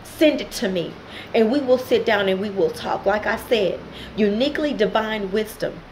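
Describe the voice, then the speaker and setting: A woman's voice: mid-range voice, animated, moderate pace, slight background noise, low-quality recording. A middle-aged woman, speaking straight to her viewers as she recounts a painful family story. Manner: emotional, direct address to viewers. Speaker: channel host. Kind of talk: personal testimony vlog.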